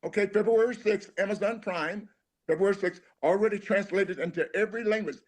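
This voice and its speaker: A man's voice: high voice, fast. Older joking comedian man. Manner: joking, warm banter, exaggerated. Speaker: comedian guest. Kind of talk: casual interview chat.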